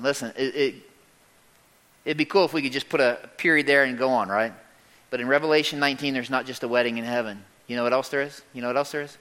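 A man preaching a sermon to a congregation, reading scripture aloud, calling on listeners to respond and shouting out exclamations. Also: mid-range voice, long reverb tail. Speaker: pastor.

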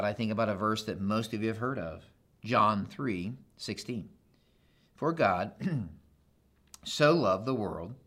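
A man preaching a sermon in a conversational, animated way, building to emphatic repetition. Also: fairly low pitch. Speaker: pastor.

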